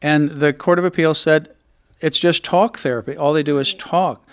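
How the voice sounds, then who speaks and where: A man's voice: a little high, fairly even intonation, moderate pace, clear, resonant tone. A man hosting a radio talk show, speaking in an emphatic, indignant conversational way.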